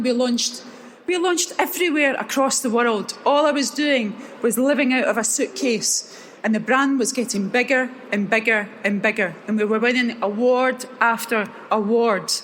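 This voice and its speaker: Animated Scottish woman telling a story. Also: fairly high pitch, slight background noise. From Scotland. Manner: animated storyteller acting out dialogue. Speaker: keynote speaker. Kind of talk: motivational talk with storytelling. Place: live event hall.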